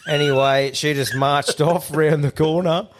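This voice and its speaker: A man's voice: on the high side, fairly even intonation, measured pace. An Australian man telling a story in a casual chat, blunt and swearing freely.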